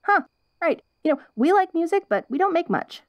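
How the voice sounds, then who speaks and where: A woman's voice: extremely high pitch, big pitch swings, normal speed, no echo. A young woman voicing a perky, curious wolf girl in an ASMR role-play, bubbly and giggly with restless chatter.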